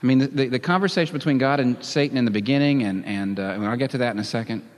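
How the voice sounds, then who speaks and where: A man preaching a sermon in a dramatic, animated way, with bursts of emphasis. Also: mid-range voice, quick pace. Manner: lively, dramatic, reads scripture with emphasis and chuckles. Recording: long hall reverb.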